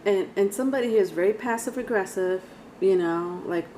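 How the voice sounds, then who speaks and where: A woman's voice: mid-range voice, brisk, hardly any pauses, mellow, a little hiss or hum, rough recording. A woman giving a casual, rambling tarot reading, talking straight to viewers with sighs and laughs. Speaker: tarot reader.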